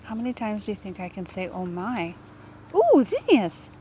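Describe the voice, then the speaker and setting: Woman, gardening vlogger, excitable and wonder-struck, outdoor camera audio with faint background noise. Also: medium pitch, brisk. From Canada. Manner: gushing, exclamatory, often drops to a hush. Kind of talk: casual walk-and-talk vlog.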